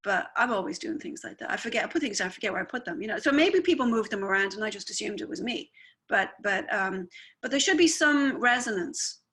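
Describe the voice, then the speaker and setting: A woman's voice: medium pitch, expressive, fast, sharp tone. A woman who works as a spiritualist medium, talking in a chatty, rambling way and often checking with "right?". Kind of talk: conversational talk.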